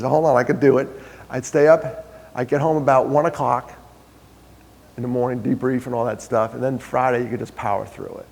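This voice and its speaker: A man's voice: fairly high pitch, darkish tone. A man giving a conversational storytelling talk to an audience, full of self-deprecating humor. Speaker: guest speaker. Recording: long hall reverb.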